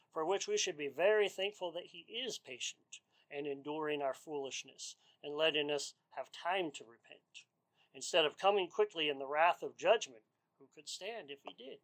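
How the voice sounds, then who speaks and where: Earnest man preaching, slightly high voice. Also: a bit bright, poor audio. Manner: earnest, measured, rhetorical questions. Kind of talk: expository sermon.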